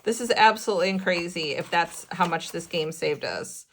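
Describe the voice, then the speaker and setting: An excitable woman hosting a casual budgeting vlog, counting cash aloud and narrating her savings. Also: lowish voice, moderate pace, gravelly. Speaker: budgeting channel host.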